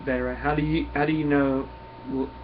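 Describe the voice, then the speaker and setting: A man's voice: medium pitch, flat delivery, fairly quick, natural voice. A noble male alien warrior speaks solemnly in formal, old-fashioned words, voiced by a man reading a comic. The sound is dull and lo-fi. A faint hiss runs through it.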